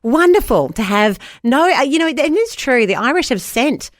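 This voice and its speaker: An Australian woman co-hosting a morning radio show, warm-toned and enthusiastic, often affirming callers. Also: sits high, big pitch swings, normal speed, no room sound, studio quality. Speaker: breakfast radio co-host. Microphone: studio mic.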